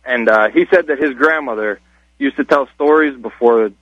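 A man's voice: mid-range voice, normal speed, no room sound. Man, radio caller, rambling storyteller, dull lo-fi phone line. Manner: rambling, casual. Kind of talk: telling a story on a radio call-in.

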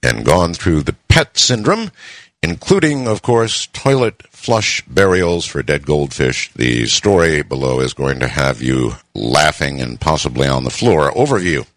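A man hosting a show, reading a funny story in a playful, animated way. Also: extremely low pitch, measured pace, dry recording. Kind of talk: humorous story reading and news chat.

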